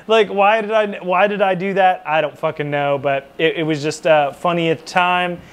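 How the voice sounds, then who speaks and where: High-voiced man telling a profane story. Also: fairly even intonation, moderate pace, clean tone. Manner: profane, rambling, self-mocking. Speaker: military veteran storyteller. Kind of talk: casual storytelling to camera.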